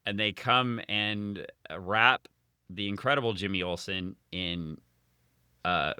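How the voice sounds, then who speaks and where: A man co-hosting a casual comic book podcast, animated and dryly sarcastic. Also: fairly low pitch, slow, clear, resonant tone, dry recording, clean studio sound. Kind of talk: casual chat.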